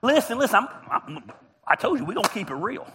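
A man's voice: very high-pitched, big pitch swings, quick pace, sharp tone, slight background noise. A man preaching a humorous, storytelling sermon as a pastor, joking and teasing his congregation. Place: church auditorium.

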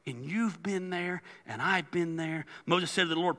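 A man preaching with a high, very bright voice, lively and jokey, acting out conversations and swinging from loud outbursts to near-quiet asides. The sound carries a long hall reverb, as in a big church auditorium. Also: moderate pace. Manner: animated, jokey, acts out dialogue in big swings of loudness. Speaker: pastor. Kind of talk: sermon.

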